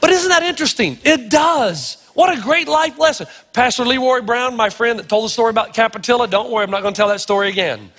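A middle-aged man preaching a sermon, telling stories in short, punchy phrases with dramatic pauses. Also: very high-pitched, animated, fairly bright tone. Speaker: pastor. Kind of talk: sermon with storytelling. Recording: long hall reverb.

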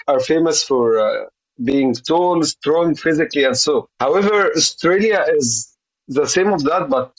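A man's voice: fairly high pitch, breathy edge. A man, a guest speaking hesitantly with many fillers and apologies over a video call. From Egypt. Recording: dull lo-fi online call audio.

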